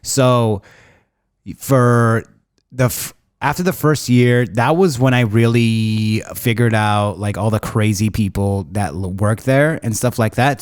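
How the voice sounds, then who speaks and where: A man's voice: medium pitch, darkish tone, no echo, studio quality. A man in his thirties hosting a podcast, telling rambling casual stories with lots of slang. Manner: rambling, slangy, says bro a lot. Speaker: podcast host. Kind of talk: casual storytelling chat.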